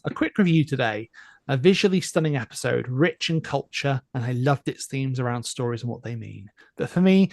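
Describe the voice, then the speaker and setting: A man's voice: medium pitch, a little mellow, no room sound, clean studio sound. A man co-hosting a casual podcast, reading listener emails aloud with enthusiastic, chatty energy. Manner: enthusiastic, chatty, laughs often.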